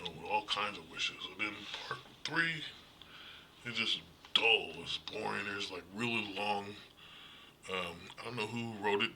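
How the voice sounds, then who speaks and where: A man's voice: sits low, pushed and bright, slight background noise. A middle-aged man hosting a casual stream, rambling and swearing as he ranks movies and talks to his viewers. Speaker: streamer host.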